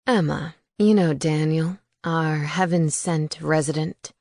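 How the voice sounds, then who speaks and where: A woman narrator voicing a smooth, charming male vampire who speaks low and attentively. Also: steady tone, slow pace, darkish tone, dry recording, clean studio sound.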